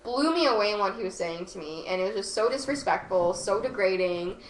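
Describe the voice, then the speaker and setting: A woman's voice: mid-range voice, fairly quick. A woman guest on a podcast telling a personal story in casual chat, full of "like" and free swearing. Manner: animated, heavy use of "like", swearing freely. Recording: echoey room with faint noise.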